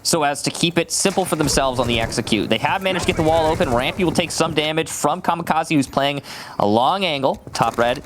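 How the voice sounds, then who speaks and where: A man's voice: on the high side, brisk. A man doing live esports commentary in a casual, chatty way with plenty of fillers. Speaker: esports caster. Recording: steady background noise.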